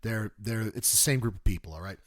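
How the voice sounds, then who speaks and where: A man in his thirties hosting a podcast, ranting sarcastically in a casual monologue and swinging from low mutters to shouting, on a close studio mic. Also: fairly quick, dry recording. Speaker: podcast host.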